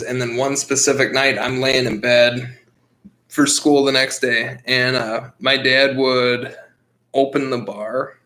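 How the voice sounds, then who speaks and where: A man's voice: medium pitch, bright, forceful tone. A man in his twenties co-hosting a podcast, telling a story in a blunt, rambling, profane way. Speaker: podcast co-host. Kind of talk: casual storytelling chat.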